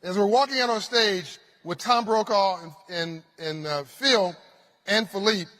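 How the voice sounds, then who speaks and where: Male forum host, high-pitched, telling funny stage anecdotes in a big echoing hall. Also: unhurried. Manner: animated anecdotal storytelling with humor. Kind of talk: storytelling keynote speech. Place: conference stage. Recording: reverberant conference hall.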